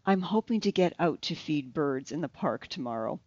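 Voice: mid-range voice, lively intonation, normal speed, a little mellow, no room sound, lightly acted. Narrator voicing a restrained grieving man. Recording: slightly dull, dry lo-fi recording.

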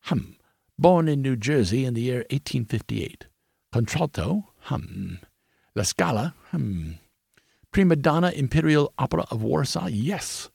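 Audiobook: narrator doing a languid, dry detective, husky and lively in pitch. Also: male voice, a little slow, no room sound, full character voice. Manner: dry and clipped, murmuring.

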